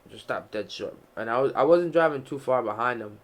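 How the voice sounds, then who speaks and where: A man's voice: mid-range voice, fairly quick. A young man hosting a casual podcast, telling loose, profane stories with lots of restarts. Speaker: podcast host. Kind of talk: casual chat.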